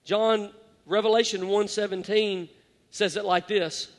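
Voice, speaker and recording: A man preaching a sermon as pastor, dramatic and shifting between loud and hushed. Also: high voice, steady tone, measured pace. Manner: dramatic, varies loud and soft, quotes scripture. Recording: long hall reverb.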